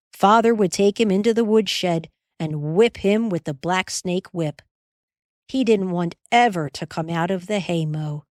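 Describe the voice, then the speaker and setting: Woman audiobook narrator, low voice, unhurried, dry close sound, expressive. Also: no echo. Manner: measured, expressive. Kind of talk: scripted storybook narration.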